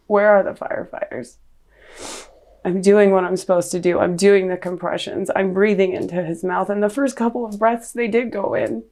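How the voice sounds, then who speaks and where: A middle-aged woman talks as a guest on an interview podcast and tells a painful memory in a raw, earnest voice. Her voice sits mid-range and carries a gravelly fry. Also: mid-range voice, darkish tone. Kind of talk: personal storytelling in an interview.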